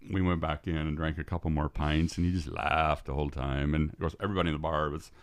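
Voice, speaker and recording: Speaking quickly with a level tone and an extremely low pitch, an older podcast guest shares a story in casual conversation. He rambles and keeps restarting his sentences.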